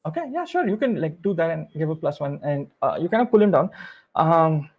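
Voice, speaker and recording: A man's voice: a little high, sing-song, fairly quick, narrow, tinny audio. A man narrating a tabletop game as game master, rambling with many fillers and restarts.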